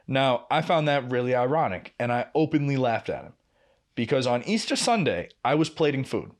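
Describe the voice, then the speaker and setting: A man's voice: mid-range voice, normal speed. Foul-mouthed young man telling stories. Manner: profane, animated storyteller who acts out quotes. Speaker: podcast co-host. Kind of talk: casual storytelling chat.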